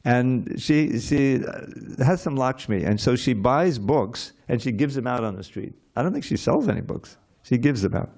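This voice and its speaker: A man teaching a scripture class at a temple in a conversational, digressive way, with soft chuckles. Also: medium pitch, lively intonation, moderate pace. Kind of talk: informal scripture lecture.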